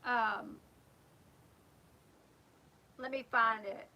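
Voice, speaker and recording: A woman with a high, bright-sounding voice talks straight into a close mic. She recaps a reality show in a casual, gossipy way, sharing her opinions and acting out the quotes as she goes. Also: fairly even intonation, drawn-out words, highs cut off.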